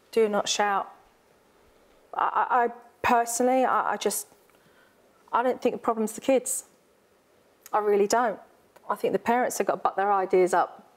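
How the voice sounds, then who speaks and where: A woman's voice: mid-range voice, normal speed, pauses often. A woman hosting as a parenting expert, talking directly and probingly with parents and children, often repeating phrases for emphasis. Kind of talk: coaching talk with parents and children.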